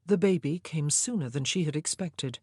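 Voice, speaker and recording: A woman narrating a historical novel in a measured, expressive storytelling voice. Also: low voice, slightly rough, dry recording, clean studio sound. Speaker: audiobook narrator.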